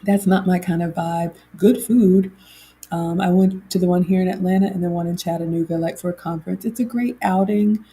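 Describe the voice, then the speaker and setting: A woman's voice: on the low side, fairly even intonation, a little fast, warm tone, slightly rough. A middle-aged woman hosts a chatty livestream and reads viewer comments aloud. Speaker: host. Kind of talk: casual livestream chat.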